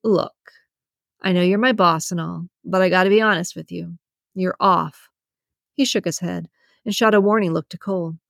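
A woman's voice: lowish voice, steady tone, normal speed, creaky, no room sound, clean studio sound. A woman voicing a cocky, nosy male coworker who wisecracks and teases in an audiobook. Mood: teasing. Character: cocky, teasing male employee. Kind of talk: audiobook character reading.

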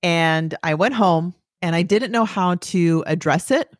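A woman's voice: on the low side, a little slow, no echo, studio quality. A young adult woman hosting a podcast, telling a personal story in a candid, blunt way and swearing freely. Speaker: podcast host.

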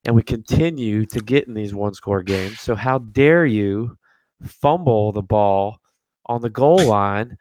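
A man's voice: on the low side, a little slow, a little mellow, slight background noise. A man co-hosting a casual sports podcast, ranting in an exasperated way. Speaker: podcast co-host. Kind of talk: casual chat.

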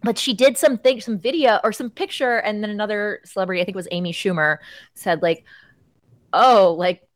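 A woman co-hosting a podcast, chatting in a gossipy, animated way with a steady stream of fillers. Her voice sits at a middle pitch, and the sound is close and dry. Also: quick pace, no room sound. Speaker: podcast co-host. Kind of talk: casual chat.

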